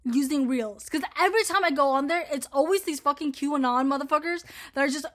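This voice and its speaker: Young woman vlogger, high voice, profane rambling rant to camera. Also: quick pace, hardly any pauses, a bit bright. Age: 20s. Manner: profane, rambling, heavy filler words. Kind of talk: casual ranting commentary to camera.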